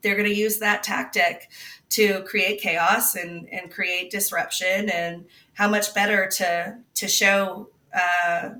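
A woman's voice: medium pitch, little pitch movement, slow, pushed and bright, roomy sound, distant mic. A woman talking as a guest reporter in a casual political chat, rambling with restarts and frequent laughs.

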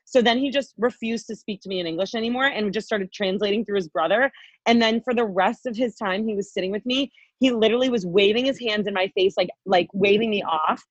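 A woman's voice: medium pitch, no echo. Heated, profane young woman ranting. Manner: heated, profane, fast rambling with many "like" fillers. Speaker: podcast co-host. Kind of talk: casual chat, venting story. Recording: dull lo-fi dry podcast audio.

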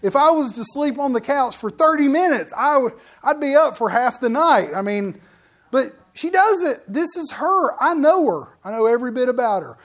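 A man's voice: very high-pitched, animated, normal speed, fairly bright tone. A middle-aged man preaching a sermon as pastor, in a folksy, joking, conversational way.

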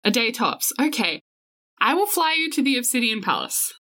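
A woman's voice: on the high side, very animated, moderate pace, bright, forceful tone. Woman player describing her dragon's moves. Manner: casual, decisive in-character narration. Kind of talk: playing a tabletop game in character.

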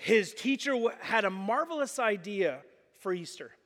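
A man preaching an animated, jokey sermon and telling a story to the congregation. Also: sits high, normal speed, long reverb tail. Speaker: pastor.

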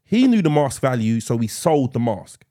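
A man's voice: mid-range voice, very animated, moderate pace, dark tone. A young man, co-host of a podcast, chatting casually and acting out phone calls with lots of laughter. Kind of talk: casual chat.

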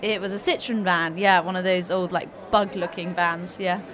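Friendly woman guest with halting answers. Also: lowish voice, steady tone, a crowd in the background. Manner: friendly, halting with fillers, laughs easily. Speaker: guest, small food business founder. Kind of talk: casual interview answers. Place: trade show hall.

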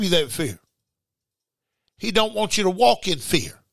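Very animated yet unhurried, a middle-aged man preaches a conversational sermon over the air in a high, bright, forceful voice that turns creaky. He repeats words and breaks into shouting, and the recording is dry and close.

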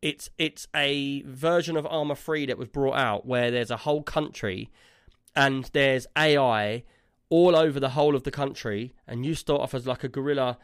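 A man's voice: medium pitch, normal speed, smooth, no echo, clean studio sound. A man, co-hosting a casual gaming podcast and telling a long, rambling story full of fillers. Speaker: podcast co-host.

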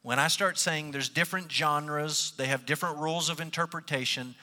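Man preaching, folksy storyteller vibe, bright voice, big echoey hall. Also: a little high, fairly quick. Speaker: preacher teaching on parables. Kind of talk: teaching sermon.

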